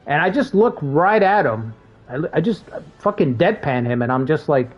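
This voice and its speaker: A gaming streamer with a fairly high, breathy voice swings widely in pitch at a moderate pace, the recording muffled with soft music behind. Laid-back, he tells work stories during gameplay, laughing at jokes and swearing freely.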